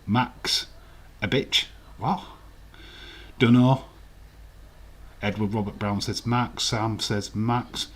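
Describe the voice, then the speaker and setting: A man's voice: on the low side, fairly even intonation, slow pace, pauses often. A man hosting a casual quiz live stream, reading out viewers' answers and swearing now and then.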